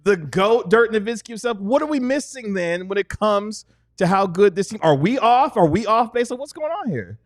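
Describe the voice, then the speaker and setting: Lively high-voiced male podcast host. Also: normal speed. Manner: upbeat, introducing clips. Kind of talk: casual sports podcast chat.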